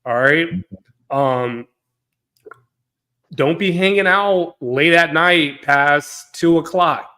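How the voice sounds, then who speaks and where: Male panel host, a bit high-pitched, lively, quick to cut in. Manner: animated, cuts in often, repeats words. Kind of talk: live-stream panel talk.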